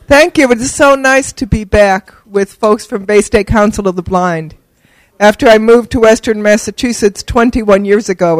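A woman's voice: medium pitch, no echo, rough recording. An older woman giving an award acceptance speech, telling self-deprecating, humorous anecdotes with fillers. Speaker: award recipient and disability advocate.

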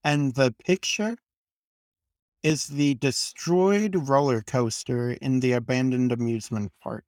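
A man narrating a tabletop game as game master in a slow, measured way. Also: medium pitch, darkish tone, no room sound.

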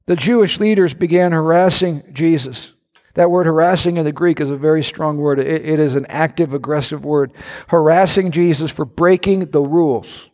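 A male pastor delivers a lively sermon in a high, bright voice. He swings from calm teaching into sudden shouts and playful high-pitched mimicry. The sound carries a long echo from the church hall. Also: normal speed.

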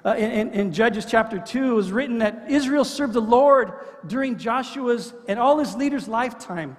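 A man's voice: very high-pitched, normal speed. A middle-aged man preaching a sermon in an earnest way, often repeating words as he builds his point. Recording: long hall reverb.

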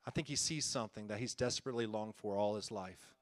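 A man's voice: fairly low pitch, fast talker, dry recording, studio quality. A man preaching a conversational sermon as a church-planting pastor, earnest and folksy, often chuckling and repeating himself.

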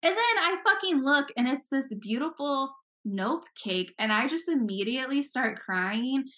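A woman's voice: sits high, animated, measured pace, fairly bright tone. A young woman co-hosting a podcast, telling a story in casual chat, swearing freely and filling her talk with "like". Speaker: podcast co-host.

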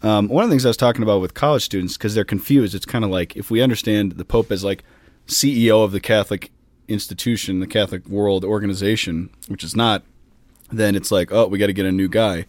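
A man's voice: fairly low pitch, fast talker, darkish tone, dry recording. A man who is a priest, co-hosting a casual podcast and explaining church matters with chatty asides and jokes.

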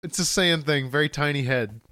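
A man's voice: a little high, a little fast, heavy background noise. A man co-hosting a podcast in casual chat, joking, swearing casually and laughing often. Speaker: podcast co-host.

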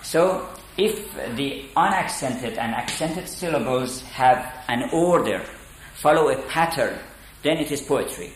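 A man giving a spoken lecture on poetry, deliberate and halting with many fillers. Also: mid-range voice, expressive, slight background noise. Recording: echoey room.

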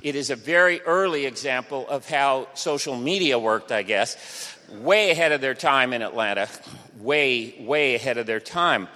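A man's voice: medium pitch, normal speed, sharp tone. Wry older man lecturing in a hall. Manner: wry, sardonic asides. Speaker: history lecturer. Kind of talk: university lecture. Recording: long hall reverb.

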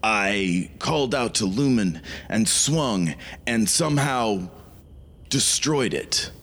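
Earnest holy warrior, voiced by a man, low and unhurried, courtly manners. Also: expressive, a bit bright, exaggerated voice. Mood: contrite. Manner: formal, slow and solemn. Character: pious earnest male paladin, formal and apologetic.

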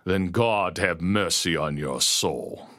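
A man's voice: extremely low pitch, sing-song, measured pace, fairly bright tone, pitched below the performer's own voice, exaggerated voice. A man doing a growling menacing pirate. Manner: growling, mocking. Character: gruff menacing male pirate captor.

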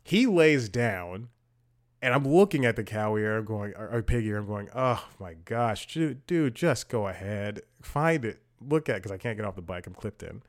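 Male podcast host with a low voice, casual and rambling, easily drifts into side stories. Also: expressive, normal speed. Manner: rambling, digressive, self-amused. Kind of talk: casual talk-show commentary.

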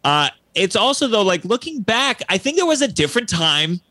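A man's voice: high-pitched, sing-song, moderate pace, sharp tone, dry recording. A young adult male actor chatting casually, candid, wry and profane. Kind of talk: casual chat.

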